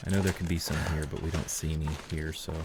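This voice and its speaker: Low-voiced relaxed gaming streamer man. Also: quick pace, very noisy. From Georgia, US. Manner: relaxed, chatty, reads and answers chat. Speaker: livestream gamer. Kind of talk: casual chat while gaming.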